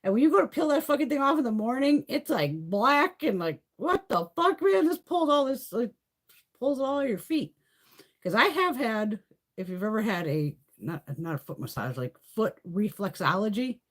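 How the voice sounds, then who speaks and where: A middle-aged woman hosting a beauty livestream, telling stories in a loose, animated way, swearing freely and laughing often. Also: fairly high pitch, moderate pace. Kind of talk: casual chat.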